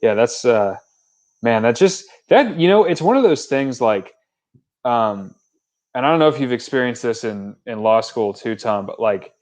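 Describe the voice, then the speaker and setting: A young man co-hosting a casual livestream chat. He talks in an easygoing, chatty way with plenty of fillers, at an ordinary mid pitch. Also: animated, moderate pace, a little mellow. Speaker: podcast co-host.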